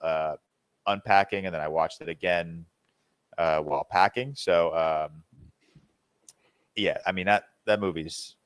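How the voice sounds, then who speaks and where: A young man with a very low voice chats loosely on a podcast, wandering through his week with lots of ums and false starts. The sound is dry and close to the mic. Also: fairly even intonation, unhurried, pauses often, clear, resonant tone, dry recording. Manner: rambling, filler-heavy, restarts often. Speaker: podcast co-host. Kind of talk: casual chat.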